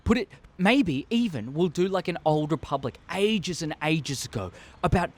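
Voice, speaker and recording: An Australian man hosting a casual opinion vlog, rambling and excitable, with heavy swearing, talking into a desk microphone. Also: a little high, moderate pace. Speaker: show host.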